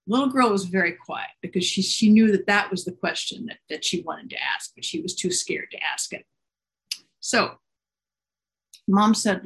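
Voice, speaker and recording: A woman telling a story to children over a video call from home, gentle and unhurried, with small fillers and restarts. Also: mid-range voice, animated.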